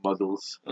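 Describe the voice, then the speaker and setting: A man's voice: on the high side, breathy edge, no echo. A young man hosting a podcast, telling rambling stories and laughing often in casual chat. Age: young adult. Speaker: podcast host. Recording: dull lo-fi dry recording.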